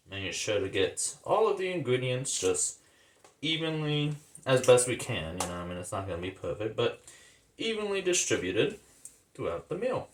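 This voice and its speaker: A man hosting a casual cooking vlog in his home kitchen, rambling, slangy and amused at himself. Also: fairly low pitch. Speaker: cooking vlogger. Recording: echoey room, faint noise.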